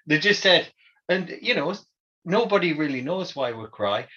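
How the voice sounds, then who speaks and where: A man's voice: a little high, expressive, normal speed, pushed and bright. A man co-hosting a casual podcast, telling stories with animation and acting out quoted voices. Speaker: podcast co-host. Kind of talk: casual chat and storytelling. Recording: dull lo-fi audio.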